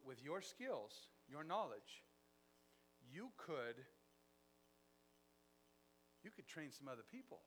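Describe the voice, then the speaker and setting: A man preaches a sermon in a slightly high voice, acting out a story with lively swings from quiet asides to loud bursts. A faint hum sits under the recording. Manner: animated storyteller, acting out dialogue with big swings in loudness.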